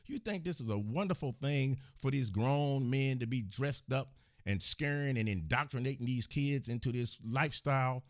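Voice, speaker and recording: A man's voice: mid-range voice, no echo, studio quality. An angry, indignant man ranting. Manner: heated, indignant, scolding. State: agitated. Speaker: channel host. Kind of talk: angry commentary rant to the camera.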